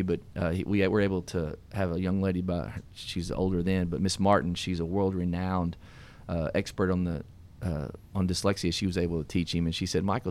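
A man's voice: low voice, darkish tone. A middle-aged man hosting a radio talk show, telling personal stories in a folksy way with laughs. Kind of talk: casual storytelling talk. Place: radio studio.

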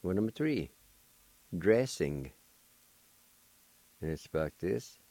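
A man hosting a language lesson, patiently spelling and pronouncing each word slowly and more than once, and encouraging his listeners. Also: low-pitched, big pitch swings, warm tone, no echo. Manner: slow, deliberate spelling and repeated pronunciation. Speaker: language teacher and host.

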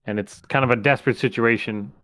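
A man's voice: mid-range voice, steady tone, fast talker, fairly bright tone, no room sound. A man playing a tabletop game, hesitant and full of fillers as he plans his character's moves. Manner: hesitant, many fillers while planning. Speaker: player.

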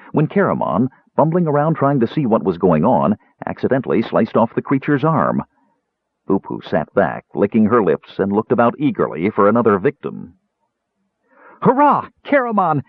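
A man reading a fantasy novel aloud in an expressive, dramatic narration. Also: on the low side, husky, no room sound. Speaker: audiobook narrator. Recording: tinny narrow-band dry recording.

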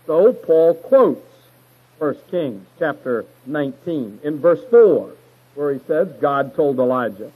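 A man's voice: fairly high pitch, very animated, slow, warm tone, breathy edge, poor audio. A man teaching verse by verse through a Bible passage, stressing key words emphatically and retelling the stories in a folksy way.

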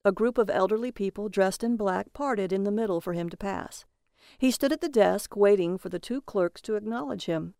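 A woman reads a noir tale aloud in a smooth, clear voice. Her telling is steady and measured. The recording is close and dry, with no room sound. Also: mid-range voice, no room sound. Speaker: narrator. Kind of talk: scripted story narration.

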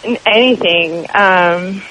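A woman's voice: lowish voice, slow, fairly bright tone, rough recording. A woman calling in to a radio talk show, answering hesitantly with many fillers. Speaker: caller. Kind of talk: call-in radio conversation.

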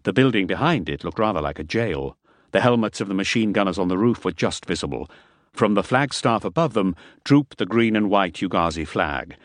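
A man narrating a first-person adventure novel as an audiobook, measured and steady. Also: sits low, no echo, studio quality.

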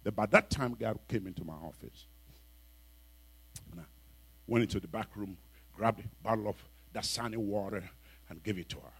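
A man, a bishop, telling a story in a sermon in an animated way, acting out the voices of the people in it. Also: fairly low pitch, normal speed, long pauses, breathy edge. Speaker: bishop and preacher.

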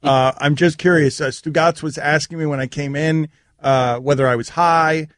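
A man's voice: on the high side, steady tone, moderate pace, dry recording. Wry man hosting studio talk radio. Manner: wry, teasing, rambling. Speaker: host. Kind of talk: sports radio banter. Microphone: studio mic.

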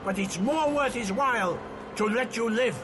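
An actor playing a stern, imperious elderly time traveller, snarling urgently in an audio drama clip with music behind. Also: male voice, very high-pitched, moderate pace, background noise.

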